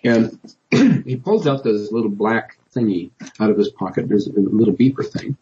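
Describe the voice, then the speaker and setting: A man's voice: fairly low pitch, expressive, normal speed, dark tone, muffled recording, slight background noise. A man, a politician guest in an interview, telling his story in a rambling way with many restarts and fillers. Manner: rambling, many restarts and "you know", laughs often.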